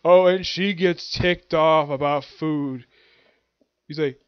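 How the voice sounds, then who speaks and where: A man's voice: fairly high pitch, fairly even intonation, slow, smooth, dry recording, highs cut off. A man reviewing an anime and manga chapter in a casual, rambling way, stopping to hunt for names and acting out the characters' lines.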